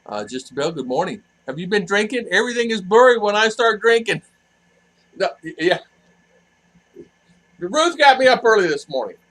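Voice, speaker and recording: Husky older man chatting on livestream. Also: high-pitched, very animated, moderate pace, pauses often, a bit bright, poor audio. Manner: chatty, laughs easily, greets chat by name. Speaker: livestream host. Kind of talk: casual livestream chat greeting viewers. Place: home in a cool hill town.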